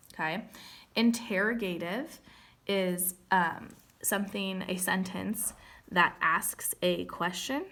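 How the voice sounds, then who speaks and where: A woman's voice: lowish voice, pushed and bright. A young woman teaching a recorded grammar lesson, patiently explaining step by step and checking in with "okay?".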